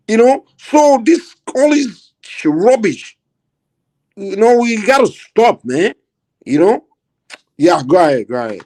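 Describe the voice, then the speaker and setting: A fairly high-voiced man with a Nigerian Yoruba accent hosts a heated political talk. He speaks bluntly and with open indignation, moving between Yoruba and English. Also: big pitch swings, slow, gravelly, darkish tone. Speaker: host.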